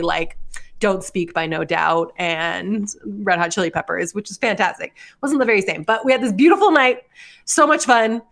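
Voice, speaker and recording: A young adult woman hosting a podcast, telling a story in casual chat, full of likes and laughs. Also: medium pitch. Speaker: podcast host.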